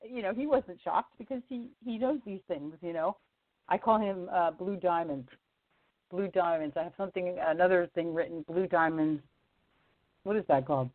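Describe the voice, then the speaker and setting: Chatty woman telling stories over a phone line. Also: no echo. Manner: animated storyteller, jumps into high voices for quoted people, laughs often. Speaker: singer-songwriter guest. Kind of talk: casual storytelling on a radio interview. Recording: tinny phone line, dry.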